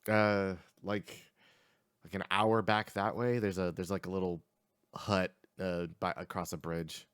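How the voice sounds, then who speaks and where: A sulky young satyr, played by a man, grumbles and stumbles over his words. The voice sits low and the sound is dry and close. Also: level tone, a bit bright, clean tone, no echo. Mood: fretful. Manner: sulky and complaining, halting speech. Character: whiny young male satyr hauling stones.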